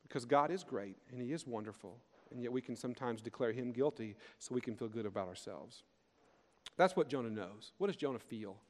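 A man preaching a sermon in an earnest way, rising for emphasis and slowing on key phrases. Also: medium pitch, lively intonation, darkish tone. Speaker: pastor. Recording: long hall reverb.

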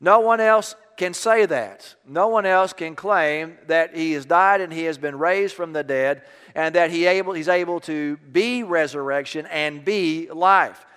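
A man delivers a sermon, first telling a personal story and then preaching with emphasis. His voice sits somewhat high and sounds smooth and resonant. A long reverb trails behind him, like a church sanctuary. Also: a little slow, few pauses, fairly bright tone. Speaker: pastor.

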